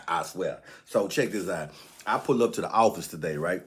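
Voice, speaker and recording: A man telling a comedic story in casual chat, animated and leaping into higher voices when quoting people. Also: moderate pace.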